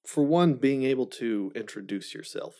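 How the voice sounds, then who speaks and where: Podcast co-host, calm and steady, explains practical steps. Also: medium pitch, moderate pace. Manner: steady, advice-giving. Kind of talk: casual chat.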